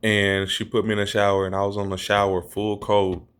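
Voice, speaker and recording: A man casually telling viewers a true story, animated and repeating himself, acting out what others said in a raised voice. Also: fairly low pitch, fairly quick, clear, resonant tone. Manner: animated, acts out quotes in a raised voice.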